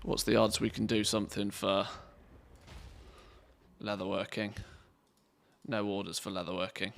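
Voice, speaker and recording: A man streaming a game, chatting casually and thinking aloud in a relaxed, rambling way. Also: lowish voice, unhurried, vocal fry, pauses often. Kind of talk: casual live-stream commentary.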